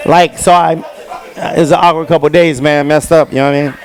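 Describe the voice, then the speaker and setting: A man's voice: fairly high pitch, fairly even intonation, brisk, a faint crowd. A young man doing a stand-up comedy set on stage, telling stories in street slang with lots of repeated fillers. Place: comedy stage before a live audience.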